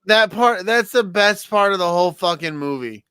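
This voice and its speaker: High, bright-voiced excitable man. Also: moderate pace, clean tone, no echo. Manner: excitable, laughs often, swears freely. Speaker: podcast co-host. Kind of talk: casual chat.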